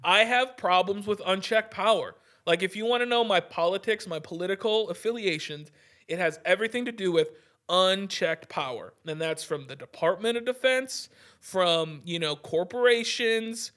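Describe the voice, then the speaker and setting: A fairly high-pitched young man rants into his podcast mic, heated and profane. He stumbles through restarts and keeps calling the listener "dude." The talk is casual and loose. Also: normal speed, fairly bright tone. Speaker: podcast host. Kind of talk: casual ranting podcast monologue.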